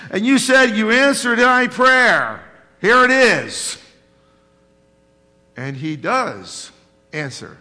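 A man's voice: fairly high pitch, bright, forceful tone. A middle-aged man preaching a sermon as pastor, conversational and emphatic, full of rhetorical questions to the congregation. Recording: long hall reverb.

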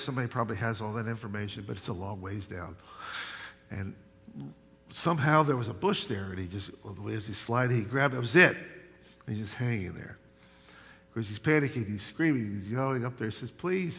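A man preaching a sermon as pastor, telling folksy stories and building to loud, emphatic points. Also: medium pitch. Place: church sanctuary. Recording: long hall reverb.

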